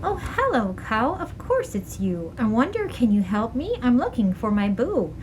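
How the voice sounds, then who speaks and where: A woman's voice: fairly high pitch, big pitch swings, moderate pace, slight background noise, low-quality recording. A woman voicing a sweet, hopeful little girl ghost in a storybook reading, with a polite sing-song manner.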